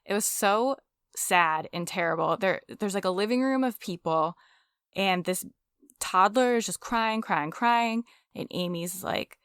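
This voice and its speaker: A woman co-hosts a casual podcast and retells events with emphatic indignation. Her voice is smooth and clear. The recording is dry and close. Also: medium pitch, a bit bright, no room sound. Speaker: podcast co-host. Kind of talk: casual true-crime chat.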